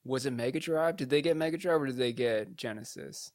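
A man's voice: medium pitch, fairly quick, darkish tone, dry recording, clean studio sound. A man co-hosting a podcast, talking in casual, joking banter that is often profane. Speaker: podcast co-host. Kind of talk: casual chat.

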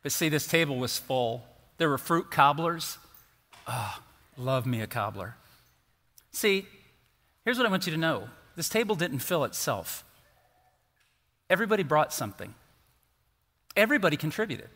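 A man's voice: fairly high pitch, normal speed, pauses often, in a large hall. A man in his fifties preaching a sermon to his church, telling fond stories with playful asides. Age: 50s. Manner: animated storytelling with playful asides. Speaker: pastor. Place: church sanctuary.

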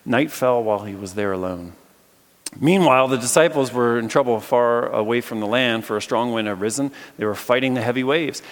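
Preacher, male, chatty Bible storyteller with playful asides, mid-pitched, long reverb of a big hall. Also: fairly quick. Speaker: preacher and philosophy teacher. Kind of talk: conversational sermon with Bible reading.

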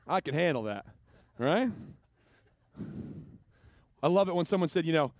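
A man's voice: a little high, animated, a little slow, dry recording. A male pastor preaching a sermon, telling stories animatedly and acting out the voices of the people in them.

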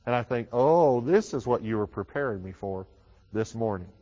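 A man preaching a sermon in a conversational way, often repeating himself. His voice rises loud on key phrases and then drops low and quick. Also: expressive. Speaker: pastor. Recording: dull reverberant hall recording.

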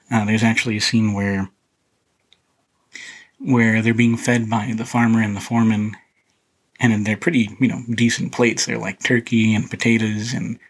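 Male podcast host, low and husky, flat delivery, casual rambling film talk. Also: normal speed, low-quality recording. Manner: relaxed, rambling, frequent fillers and restarts. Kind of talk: casual solo film commentary.

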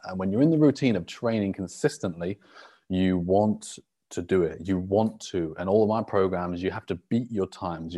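A young man from the UK hosting a casual solo fitness podcast, relaxed and sweary, rambling with lots of fillers. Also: low-pitched. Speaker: podcast host and rugby fitness coach. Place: indoors at a laptop on a live video call.

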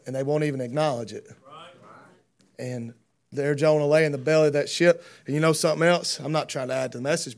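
Pastor, high voice, homespun preaching that swells to fervor. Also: male voice, fairly even intonation, fast talker. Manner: folksy, rising to fervent preaching. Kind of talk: sermon.

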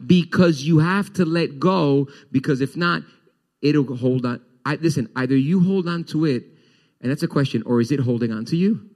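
A pastor preaching on a Sunday morning, a man with a mid-range voice who gets animated and repeats words for emphasis. He acts out the questions he imagines from his listeners. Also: medium pitch, moderate pace. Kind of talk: sermon.

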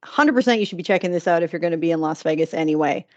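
A woman's voice: fairly low pitch, darkish tone, no room sound, muffled recording. A woman hosting a business podcast, chatting casually and telling anecdotes. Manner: chatty, quick anecdotal delivery. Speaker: podcast host. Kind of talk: casual interview chat.

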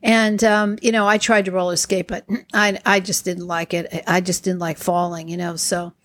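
A woman's voice: fairly low pitch, normal speed. A woman in her sixties hosting a podcast, telling chatty personal stories and acting out the quotes. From Long Island, New York. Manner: chatty, animated anecdotes with acted-out quotes. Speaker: podcast host. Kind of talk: casual storytelling.

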